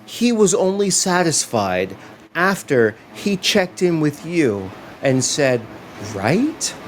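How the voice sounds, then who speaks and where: A man's voice: on the high side, sing-song, slow pace, a little hiss or hum. A man co-hosting a casual podcast, playfully teasing and asking questions. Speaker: podcast co-host. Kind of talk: casual chat.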